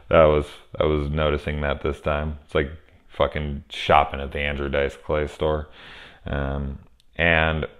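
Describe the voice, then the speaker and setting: Man, very low voice, rambling and profane, enthusiastic casual movie review. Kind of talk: casual spoken film review. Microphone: camera setup at home.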